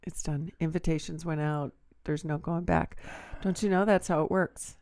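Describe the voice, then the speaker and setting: A woman's voice: sits low, fairly even intonation, moderate pace, a little mellow, no room sound. A woman co-hosting a casual podcast, playfully teasing her fiancé and laughing often. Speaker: podcast co-host. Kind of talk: casual couple banter.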